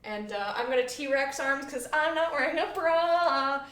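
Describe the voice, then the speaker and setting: A woman's voice: sits high, fairly even intonation, unhurried, fairly bright tone. A young woman streaming a game, chatting casually with viewers in a playful, bubbly way that slips into singsong. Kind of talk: casual live-stream chat.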